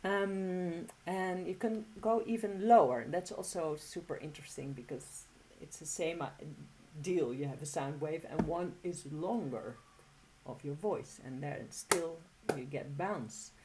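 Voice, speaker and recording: A woman giving a relaxed, encouraging music lesson, talking casually with frequent fillers and restarts. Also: low voice, a little slow, background noise. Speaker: didgeridoo teacher.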